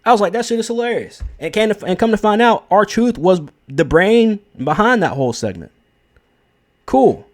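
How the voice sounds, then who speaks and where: A man's voice: high voice, big pitch swings, normal speed, a little mellow. Blunt, profane young man ranting. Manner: blunt, profane, emphatic with frequent fillers. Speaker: wrestling commentary host. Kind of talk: casual opinion commentary.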